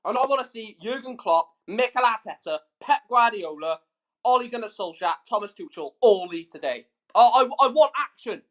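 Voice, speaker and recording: A man's voice: high-pitched, lively intonation, normal speed, a bit bright. A man ranting on his livestream, furious and swearing, repeating himself for emphasis. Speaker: YouTube streamer. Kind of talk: angry livestream rant.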